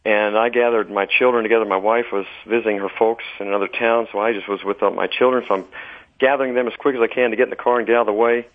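Male guest, lowish voice, measured earnest delivery, heard over a tinny phone line. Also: fairly even intonation. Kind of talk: religious talk show conversation.

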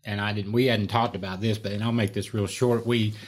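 A man in middle age recounts a personal story as a guest, his voice sitting somewhat low. He talks in an animated, self-mocking way. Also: brisk. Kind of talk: conversational storytelling.

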